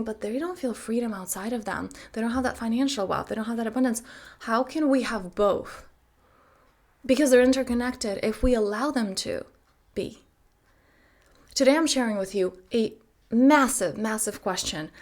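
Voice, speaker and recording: A woman in her thirties, a self-help coach giving a motivational talk to camera, emphatic and full of rhetorical questions. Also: on the high side.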